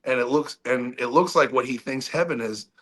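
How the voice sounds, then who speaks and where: A man who is a rock singer and guest on a podcast, telling a long story in a casual, animated way with many restarts. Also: medium pitch, moderate pace.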